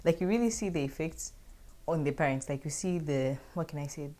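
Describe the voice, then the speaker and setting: A woman's voice: low-pitched, brisk, dark tone. A young woman casually telling a personal story to her viewers in a chatty, filler-heavy way.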